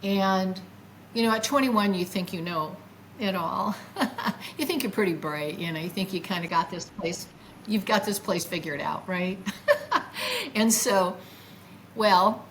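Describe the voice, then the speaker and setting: A woman in her seventies telling a personal testimony, animated and acting out her own past exclamations. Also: fairly low pitch, slight background noise. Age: 70s. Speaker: near-death experience witness.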